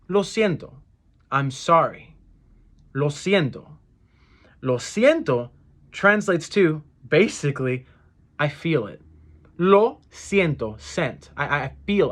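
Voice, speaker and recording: A man with a slightly raised pitch walks through a casual language lesson. He repeats each phrase slowly, stumbles, and corrects himself with easy fillers. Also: fairly bright tone. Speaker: Spanish phrase teacher.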